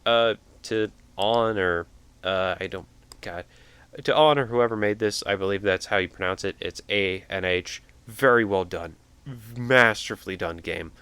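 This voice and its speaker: A man's voice: low voice, a little slow, a bit bright, clean tone, no room sound. A young man commentating a sad game as he plays, tearful and rambling, with jokey asides. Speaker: gamer. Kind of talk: let's-play commentary.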